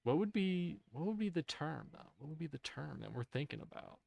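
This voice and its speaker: A man's voice: a little high, very animated, a little fast, gravelly, a little mellow, no room sound. A man streaming a game, chatting casually to his viewers, musing aloud in a rambling way and often cutting himself off mid-thought. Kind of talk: casual live-stream chat while gaming.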